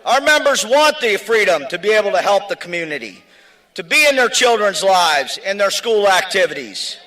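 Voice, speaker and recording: Union man shouting at a rally. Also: sits high, very animated, moderate pace, poor audio. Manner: emphatic, shouted lists. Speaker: union member speaker. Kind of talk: outdoor rally speech. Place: outdoors at a rally.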